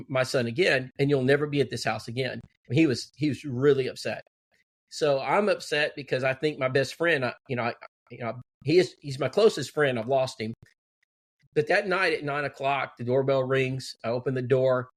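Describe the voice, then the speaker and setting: A middle-aged man telling a story in casual, animated talk and acting out what others said. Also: on the high side. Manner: animated, quoting others in dialogue. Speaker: guest telling a testimony.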